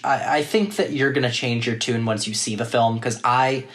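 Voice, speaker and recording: A man's voice: mid-range voice, normal speed, few pauses, fairly bright tone. A man co-hosting a podcast who gives blunt, opinionated takes with some joking in casual discussion. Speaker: podcast co-host.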